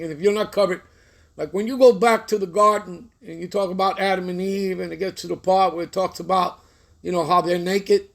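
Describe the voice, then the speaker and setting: A man teaching a bible-study sermon, reading verses slowly and often stopping to check that listeners follow. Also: sits high, gravelly. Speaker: scripture teacher.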